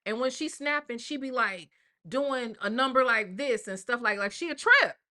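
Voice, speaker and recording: Lively intonation and a sharp tone mark this grandmother's slightly high voice, which moves at normal speed. She hosts a relaxed live stream, talking a lot in slang and greeting viewers as "y'all" and "baby."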